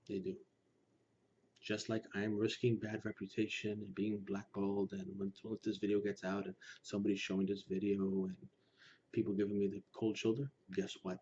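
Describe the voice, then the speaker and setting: A man speaking earnestly to his listeners, pressing his points and sometimes dropping to a hushed near-whisper. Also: on the low side, level tone, moderate pace. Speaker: Lukumi practitioner speaking to his channel. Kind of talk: personal commentary to camera. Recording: slightly dull recording with faint background noise.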